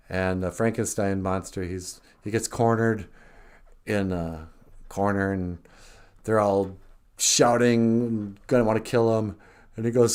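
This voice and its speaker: A man's voice: on the low side, unhurried, darkish tone, smooth. A man co-hosting a podcast, retelling a story casually and rambling, with many restarts. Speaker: podcast co-host.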